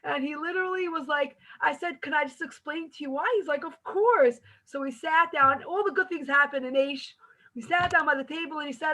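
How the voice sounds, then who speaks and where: A woman's voice: high-pitched, a little fast, pushed and bright, rough recording. A woman hosting a podcast, eagerly recounting how she met her guest. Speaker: podcast host. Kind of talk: casual storytelling.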